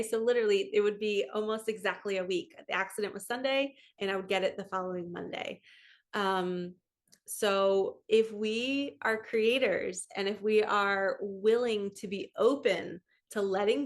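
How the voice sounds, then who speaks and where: A woman vlogger and spiritual coach telling a personal story to camera from home. She is chatty and excitable, and she keeps reenacting what other people said. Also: medium pitch. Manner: chatty and excitable, quoting others in lively retellings.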